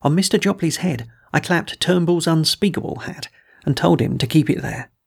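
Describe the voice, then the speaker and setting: A man narrating an adventure tale as an audiobook, in a measured, dramatic reading. His voice is gravelly and husky, sitting a little high for a man. He gives the spoken lines a touch of character. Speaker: audiobook reader. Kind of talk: first-person storybook narration.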